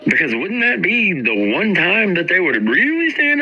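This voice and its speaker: A man hosts a stream in a bright, sharp voice, his pitch leaping around as he rants. He mocks and swears constantly in a combative, profane tirade. Faint music sits under his voice. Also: wildly swooping pitch, moderate pace, hardly any pauses, breathy edge, highs cut off. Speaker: streamer host. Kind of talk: profane ranting commentary.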